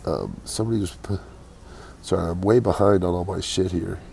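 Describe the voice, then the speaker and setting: A hungover man chatting casually with his live-stream viewers from an airport, keeping his voice quiet and low. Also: fairly even intonation, fairly quick, creaky, slight background noise. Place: airport waiting area.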